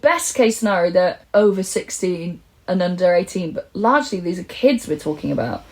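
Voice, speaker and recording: A British woman with a fairly low voice co-hosts a comedy true crime podcast in relaxed conversation. She retells events in detail, swears freely and leans hard on her outrage. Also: moderate pace, rough recording. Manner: recounts quotes with outraged emphasis, swears freely.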